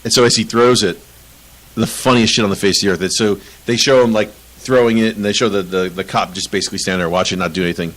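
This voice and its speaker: A man's voice: lowish voice, fairly even intonation, quick pace, fairly bright tone, poor audio. A man co-hosting a casual soccer podcast, ranting with lots of swearing and frequent laughter. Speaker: podcast co-host.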